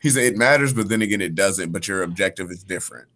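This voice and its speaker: A man's voice: deep voice, fast talker, fairly bright tone. A man, a guest comedian, telling a story in casual podcast chat and acting out the dialogue.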